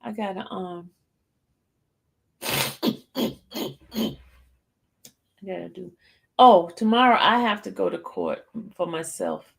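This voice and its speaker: A woman hosts her livestream in a relaxed, chatty way, mock-scolding her viewers. Her mid-pitched voice has a gravelly edge. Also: slow pace, long pauses. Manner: playful teasing, talks straight to her chat. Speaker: livestream host. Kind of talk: casual livestream chat.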